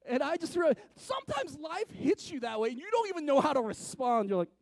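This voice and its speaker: A high-pitched man delivers a sermon in a casual, talky manner. He stumbles over repeated words and moves from loud bursts to hushed lines. The sound is dry and close. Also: big pitch swings, a little fast, hardly any pauses, dry recording. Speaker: pastor.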